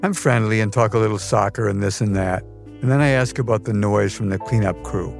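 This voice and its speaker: A man's voice: fairly low pitch, brisk, vocal fry, faint music behind. A man narrating a scripted personal memoir in a dry, wry storytelling manner. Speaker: podcast narrator.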